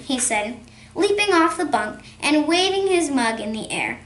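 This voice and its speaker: A woman reading a children's novel aloud in a measured storytelling manner. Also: high-pitched, big pitch swings, roomy sound. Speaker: narrator.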